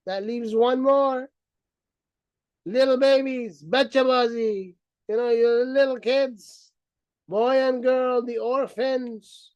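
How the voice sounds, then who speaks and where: A man with a high voice and a slow, drawn-out delivery gives a mocking, lecture-style commentary. He retells the story theatrically and is heavy on sarcasm. The recording is dry and a little dull and lo-fi. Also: darkish tone, dry recording. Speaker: commentator on religious history.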